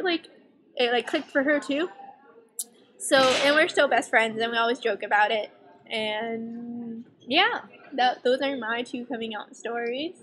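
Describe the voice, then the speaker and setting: A young woman tells a story to the camera for a casual vlog. Her voice sits fairly high, and she talks in a chatty, animated way, acting out the lines of the people she quotes. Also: moderate pace, a little hiss or hum. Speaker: vlogger.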